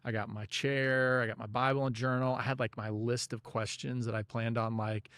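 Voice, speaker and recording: A male podcast guest with a medium-pitched, clean voice, recorded dry, shares a personal faith story in a loose, casual interview. He talks about God and prayer, filling his speech with "you know" and "like".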